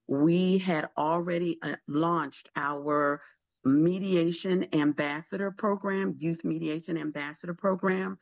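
A hoarse woman with a naturally deep voice, rough and gravelly, speaking as a guest in a radio interview. She explains things earnestly and steadily. The sound is dull and muffled. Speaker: radio guest, community mediation leader.

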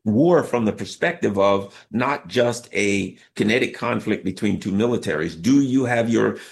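A man's voice: on the low side, animated, normal speed, creaky, a little hiss or hum. A man from the United States delivering an emphatic, colloquial political monologue in short repetitive bursts. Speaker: political commentator.

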